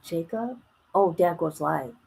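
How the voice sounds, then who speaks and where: Slow-talking woman streamer chatting. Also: lowish voice, lively intonation, gravelly, a little mellow, slightly rough, low-quality recording. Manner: chatty, colloquial, laughs often; reads viewer comments aloud. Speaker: livestream host. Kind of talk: casual livestream chat.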